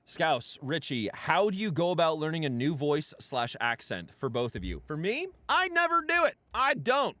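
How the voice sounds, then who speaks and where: Joking streamer with a fairly high voice. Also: male voice, wildly swooping pitch, normal speed, few pauses, pushed and bright, no room sound. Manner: joking, irreverent, reads out subscriber thanks. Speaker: streamer host. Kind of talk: casual livestream chat.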